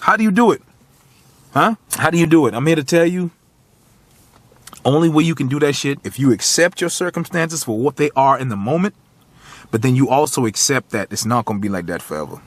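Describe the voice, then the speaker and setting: A man's voice: mid-range voice, animated, a little fast, no echo. A man in his thirties giving a raw, profane motivational monologue straight to the viewer, at times choked up. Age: 30s. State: tearful, choked up. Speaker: motivational vlogger. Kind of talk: emotional motivational monologue to camera.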